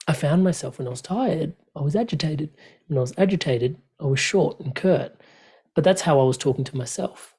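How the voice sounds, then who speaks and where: Aussie guy in his 30s chatting openly, warm mellow tone, lots of ums and you knows. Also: mid-range voice, husky. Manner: open, earnest, many fillers and restarts. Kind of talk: reflective conversational chat.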